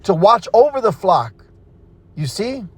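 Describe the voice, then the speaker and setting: A man with a notably high voice preaches hard and fast in street-sermon style. He swears casually, stumbles over restarts, and keeps checking in with "right?" and "you know?" as he pushes into his own testimony. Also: sing-song, breathy edge. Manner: forceful, profane, repeats "man" and "you see".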